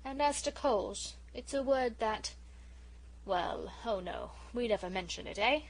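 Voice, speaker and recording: A woman's voice: fairly high pitch, animated, measured pace. A woman reading an audiobook, voicing a genial older stationmaster who rambles in a friendly way.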